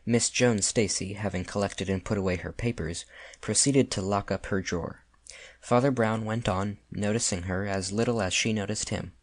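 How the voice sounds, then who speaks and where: A man reading the narration of a classic story, his voice very deep. The sound is dry and close, with no room around it, and he tells the story plainly and evenly. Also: fairly even intonation, normal speed, no room sound. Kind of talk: audiobook narration.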